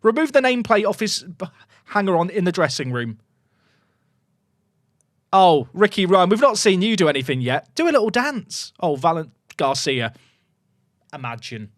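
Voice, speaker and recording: A young man commentating his football management game live to his chat. His voice sits high and leaps wildly between loud cheering and low muttered asides, and the recording is close and dry. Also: big pitch swings, moderate pace, pauses often, dry recording.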